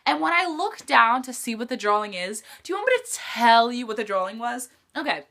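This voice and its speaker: A woman's voice: fairly high pitch, animated, quick pace, vocal fry, bright, forceful tone. A teenage girl vlogging in a chatty storytime style, full of "like" fillers. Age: teens. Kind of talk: casual storytime chat.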